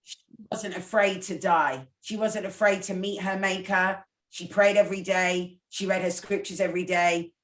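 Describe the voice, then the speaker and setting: A woman guest speaking candidly and reflectively in a casual podcast conversation. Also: mid-range voice. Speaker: guest presenter. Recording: echoey room.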